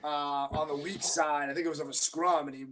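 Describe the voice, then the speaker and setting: A man appearing as a guest on a casual sports podcast, talking in a measured, analytical way. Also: on the high side, steady tone, crowd noise.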